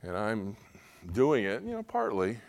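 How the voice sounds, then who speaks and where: Casting: middle-aged male pastor, smooth resonant voice, heartfelt sermon delivery. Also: lowish voice, huge pitch swings, unhurried. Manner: earnest, swings from quiet confiding to loud emotional pleading.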